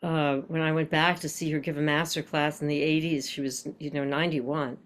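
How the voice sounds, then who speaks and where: A woman's voice: deep voice, flat delivery, brisk, a little hiss or hum. An older woman teaching an online voice class, explaining breath and posture and demonstrating with tongue-twisters and nonsense syllables.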